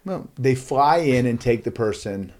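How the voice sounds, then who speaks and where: A man telling a lively story as a guest in a conversation, acting out the voices of the people in it. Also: mid-range voice, measured pace. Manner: acts out voices, lively and playful. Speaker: guest, school assembly speaker.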